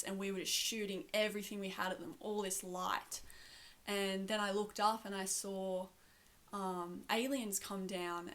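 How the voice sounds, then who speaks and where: A woman's voice: mid-range voice, a bit bright. A woman earnestly recounting a spiritual vision, talking in long breathless runs full of fillers. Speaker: spiritual channel.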